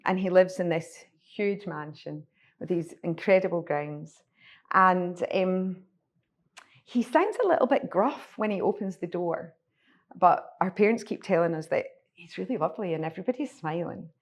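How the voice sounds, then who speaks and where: Scottish woman, lower voice, workshop presenter, storytelling with ums and restarts. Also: moderate pace. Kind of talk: conference workshop talk. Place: conference room.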